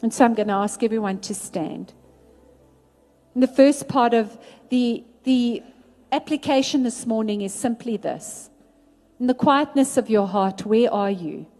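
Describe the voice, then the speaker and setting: A woman preaching a sermon in an earnest way, slowing down to stress key words. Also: a little high, a little mellow. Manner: earnest, slows down for emphasis.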